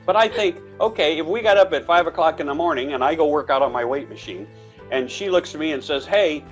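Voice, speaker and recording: A man with a fairly high, very lively voice tells stories in a casual talk, acting out the lines of others. The audio is slightly dull and muffled, with faint music underneath. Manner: storytelling, acts out dialogue with big pitch jumps. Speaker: podcast co-host. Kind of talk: casual conversation on relationships.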